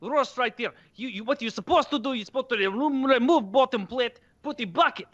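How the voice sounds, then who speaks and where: A man's voice: extremely high pitch, a little fast, a bit bright, muffled recording, pitched above the performer's own voice. Man doing a fussy Eastern European repairman. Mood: alarmed, scolding. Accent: Eastern European, imitated. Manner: broken English, agitated and repetitive.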